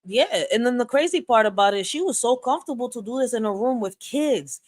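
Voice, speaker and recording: A woman on her own live stream, talking bluntly and with emphatic force, now and then breaking into loud outbursts. Her voice sits fairly high and sounds close and dry, with no room echo. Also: expressive, fairly quick. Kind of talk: passionate live-stream commentary.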